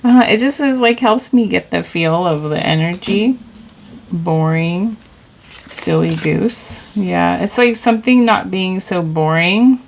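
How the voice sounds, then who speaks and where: A woman reads tarot cards in a relaxed, meandering way, her voice low with a gravelly, fried texture. She talks slowly, drifting between thoughts and filling the gaps with casual filler words. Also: a little hiss or hum, poor audio. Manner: loose and rambling, leaning on "like". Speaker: tarot reader. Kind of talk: casual intuitive tarot reading.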